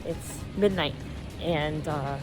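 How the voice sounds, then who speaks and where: A woman's voice: deep voice, slow, over music. A woman hosting a casual vlog, chatty, laughing and swearing a little. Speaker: video host.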